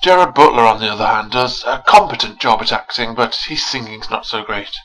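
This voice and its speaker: A man narrating a scripted film review in a sarcastic, animated, mocking way. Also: medium pitch, fairly quick, rough recording.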